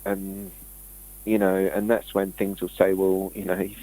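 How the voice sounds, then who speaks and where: A man's voice: low voice, sing-song, a little slow, vocal fry, mellow, no echo, rough recording. A man talking casually and rambling through stories, acting out what people said. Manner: rambling, tells stories with acted-out quotes. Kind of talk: casual conversation.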